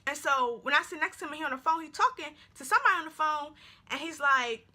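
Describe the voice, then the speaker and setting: A woman's voice: high-pitched, lively intonation, fast, bright, forceful tone. A young woman telling a story in a casual vlog, chatty and full of fillers. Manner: chatty, filler-heavy storytelling with many likes. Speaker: vlogger.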